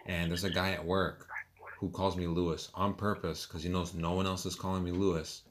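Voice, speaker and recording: Very deep-voiced joking man. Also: little pitch movement. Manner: joking, quick banter. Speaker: podcast co-host. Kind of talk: casual chat. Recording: noisy background hiss.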